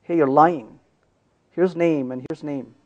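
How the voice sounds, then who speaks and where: Speaking slowly in a fairly high, somewhat dark voice, a man live-codes during a conference talk in a hall, teasing his audience in a playful way. He checks often that people follow, and the audio comes across dull.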